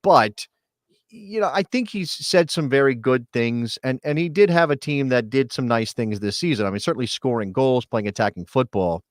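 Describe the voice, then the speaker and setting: A man's voice: mid-range voice, lively intonation, normal speed, dry recording, studio quality. A man hosting a live sports talk show, chatty and joking, with many fillers and restarts. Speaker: podcast host.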